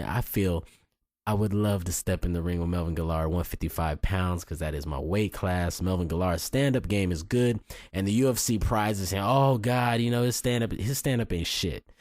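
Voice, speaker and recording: A man with a very low voice delivers casual fight predictions, blunt and boastful, tripping over his own restarts as he goes. The sound is close and dry, with no room around it. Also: normal speed, a little mellow, dry recording. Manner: blunt, boastful and cocky, with frequent restarts and mild swearing. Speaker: fight commentator and video host.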